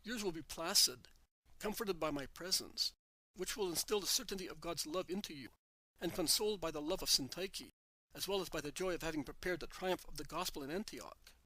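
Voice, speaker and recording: A man reading aloud, voicing a grieved gentle teacher consoling his weeping friend tenderly. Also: fairly high pitch, brisk, no echo, poor audio. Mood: tender grief.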